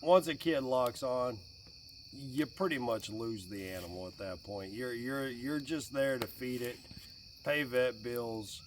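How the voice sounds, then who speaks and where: A man in his late forties chatting casually and jokingly by a campfire outdoors, getting animated when quoting his kid. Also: mid-range voice, far from the mic, slight background noise. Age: 40s. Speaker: vlogger. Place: outdoors by a fire at night with crickets.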